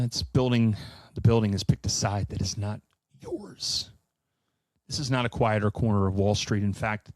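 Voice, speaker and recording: A middle-aged man giving an animated solo finance presentation, emphatic and sardonic with profane asides. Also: mid-range voice, no room sound. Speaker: finance commentator.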